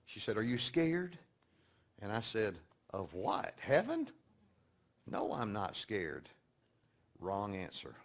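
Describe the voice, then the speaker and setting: Guy preaching to a crowd, voice goes way up and down, gets real quiet then loud. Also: lowish voice, huge pitch swings, slow pace, gravelly, long pauses. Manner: storytelling, swings from quiet hushed to loud emphatic. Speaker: speaker teaching a session. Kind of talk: sermon-style teaching.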